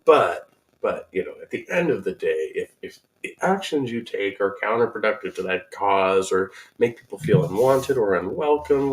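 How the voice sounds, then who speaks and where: Reading a blog post aloud, a man with a voice on the low side reacts casually and sarcastically, rambling with many asides, restarts and self-corrections. The recording quality is low.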